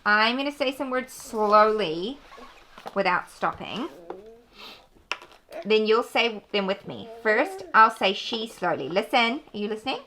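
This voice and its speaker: A woman's voice: mid-range voice, animated, unhurried, pushed and bright. A woman narrating a casual home vlog as a homeschooling mother, chatty and self-deprecating, often laughing. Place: busy family home. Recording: noisy home background.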